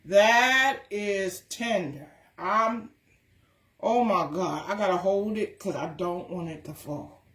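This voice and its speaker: Slow, excited woman in an echoey room. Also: mid-range voice. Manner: excited, drawn-out exclamations. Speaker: cooking vlogger. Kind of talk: casual cooking video talk.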